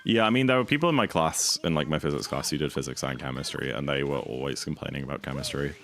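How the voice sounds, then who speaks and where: A young British man chatting casually while streaming a speedrun, rambling with sudden excited outbursts. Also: very deep voice, fast talker, creaky, soft background music. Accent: British English. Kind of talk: casual livestream chat.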